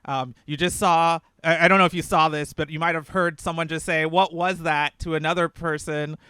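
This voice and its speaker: A young man runs a tabletop game with a bright, clear voice, sounding close and dry on his mic. He narrates casually, with plenty of fillers and little laughs. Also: fairly high pitch, fairly even intonation, moderate pace, no room sound. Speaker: dungeon master.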